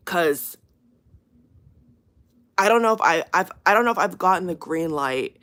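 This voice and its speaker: A woman with a fairly low voice talks straight to her viewers in an unscripted, rambling way. She circles back on her words and leans on fillers, but stays emphatic and earnest. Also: animated, unhurried, long pauses, a bit bright. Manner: rambling, repeats herself, many fillers. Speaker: channel host. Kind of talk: casual spoken warning to viewers.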